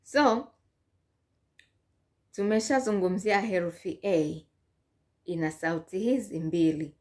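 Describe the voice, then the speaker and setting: A woman teaching English letter sounds, repeating words slowly and drawing out each sound. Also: on the low side, darkish tone. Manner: slow, repetitive, drawn-out drilling of sounds. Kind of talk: slow bilingual phonics lesson.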